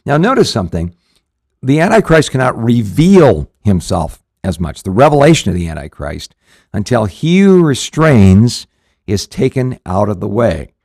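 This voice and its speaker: A male pastor hosts a conversational Bible-teaching show. He talks earnestly, restarting phrases and filling pauses as he goes. His voice sits at an average pitch and is recorded dry and close. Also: sing-song, creaky, a little mellow, dry recording. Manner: earnest, rambling with frequent restarts and fillers.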